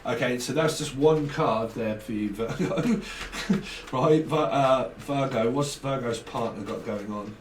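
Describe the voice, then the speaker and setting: A man's voice: medium pitch, unhurried, recorded from a distance. A man giving a casual, rambling tarot reading full of jokes, swearing and acted-out scenes. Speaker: tarot reader. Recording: roomy, off-mic, light noise.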